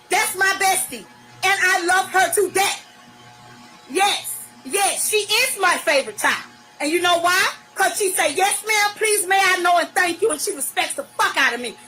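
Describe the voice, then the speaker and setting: Very high, bright-voiced profane Virginia woman. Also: poor audio. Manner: profane, blunt, breaks into shouting. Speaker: livestreamer. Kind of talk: angry live-stream rant.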